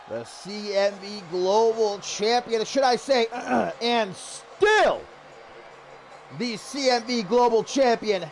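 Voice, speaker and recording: A man calling a wrestling match as play-by-play commentator, loud and animated, shouting over the action. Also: high voice, a little hiss or hum.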